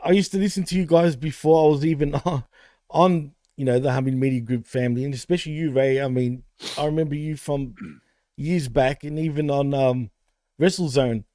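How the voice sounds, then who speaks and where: Heartfelt rambling man, mellow voice. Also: on the high side, normal speed, dry recording. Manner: heartfelt, rambling, many fillers. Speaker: podcast co-host. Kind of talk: casual podcast tribute.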